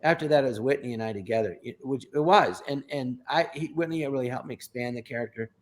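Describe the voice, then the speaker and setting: A man's voice: medium pitch, fast. An older man, a comedian, telling stories in a casual interview, acting out quotes in little voices and often restarting his sentences. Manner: animated, acts out quotes with voices, stammers and restarts. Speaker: guest comedian.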